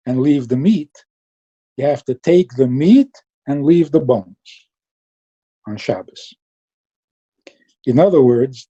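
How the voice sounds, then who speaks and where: Dark, husky-voiced man giving a Chassidic talk. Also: medium pitch, dull audio. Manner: lively storytelling, mixing Yiddish and Hebrew terms. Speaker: Chassidic teacher.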